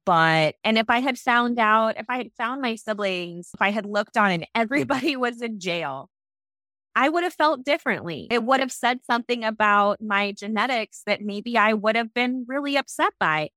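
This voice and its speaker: A woman's voice: on the high side, normal speed, dry recording. A woman in her late thirties telling a personal story in an earnest, reflective conversational way. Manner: earnest, reflective, lively when quoting others.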